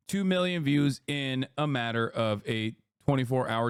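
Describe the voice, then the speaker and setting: A man's voice: medium pitch, lively intonation, normal speed, smooth, no room sound, clean studio sound. A man in his thirties streaming his reactions to a video, mocking it sarcastically and swearing freely. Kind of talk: casual mocking commentary.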